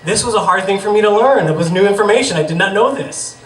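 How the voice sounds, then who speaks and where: A man's voice: high-pitched, expressive, fast talker. Wry male storyteller in an echoey bar. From Boston area, US. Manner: self-deprecating, wry, conversational. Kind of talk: live personal storytelling, humorous. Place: bar stage with a live audience. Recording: echoey room, far from mic, noisy.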